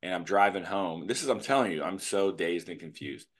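A man's voice: deep voice, lively intonation, fairly quick, breathy edge. A man hosting a casual podcast, a jokey, rambling storyteller. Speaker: podcast host, animal control officer.

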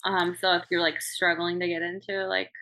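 Woman on a zoom call, lowish voice with lots of fry, just chatting, says like a lot. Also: little pitch movement, moderate pace, a crowd in the background, rough recording. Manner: chatty, fillers like "like". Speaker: podcast guest. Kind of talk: casual chat over a video call. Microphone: video call.

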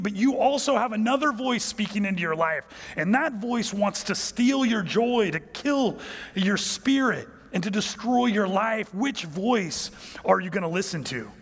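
Male pastor, high voice, sermon storyteller who drops to a hush for key points, reverberant hall sound. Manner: storytelling, drops to a hushed, low voice for emphasis.

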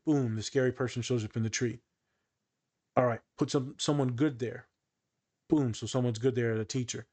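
A man's voice: mid-range voice, normal speed. A young man co-hosting a podcast as a therapist and meditation teacher, joking and swearing freely in casual chat. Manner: animated, joking, swears freely, does voices when telling stories.

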